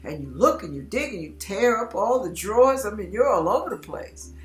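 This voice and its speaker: A woman's voice: mid-range voice, big pitch swings, a little fast. A woman giving a devotional message, telling a story as a scenario and acting out panicked inner voices. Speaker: Christian vlogger. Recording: echoey room with soft background music.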